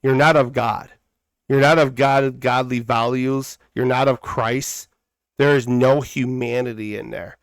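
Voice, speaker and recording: A man's voice: medium pitch, vocal fry, no echo. A man hosting a political commentary podcast, talking in a heated, preachy way and repeating phrases for emphasis. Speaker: podcast host.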